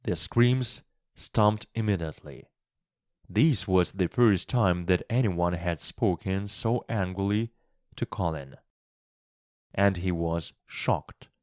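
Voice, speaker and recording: Low, slow, expressive male storyteller. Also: dry recording, clean studio sound. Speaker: storyteller and English teacher. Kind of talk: storybook reading for English learners.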